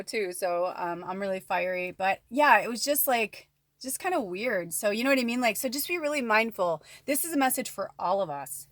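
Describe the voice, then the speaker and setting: A woman's voice: medium pitch, brisk, a bit bright, dry recording, studio quality. Chatty woman doing a card reading. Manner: rambling and chatty, lots of "like" and asides. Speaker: spiritual card reader. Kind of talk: casual oracle card reading vlog. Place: at home indoors.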